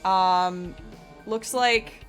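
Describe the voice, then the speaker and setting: A woman hosting a livestreamed game playthrough, chatting casually and thinking out loud in an upbeat way. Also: medium pitch, very slow, soft background music. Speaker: stream host. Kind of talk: casual let's-play chat.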